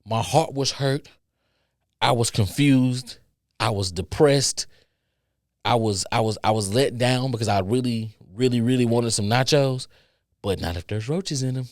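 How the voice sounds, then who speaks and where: A man's voice: mid-range voice, unhurried, no room sound, clean studio sound. A man hosting a podcast, telling a story in casual chat that rambles and repeats, with stutters, restarts and free swearing. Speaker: podcast host.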